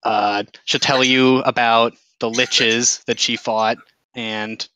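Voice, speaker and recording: A man's voice: medium pitch, level tone, slow pace, sharp tone, clear, resonant tone, no echo, low-quality recording. A young man narrating as game master over voice chat, casual and hesitant with many fillers. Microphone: voice chat microphone.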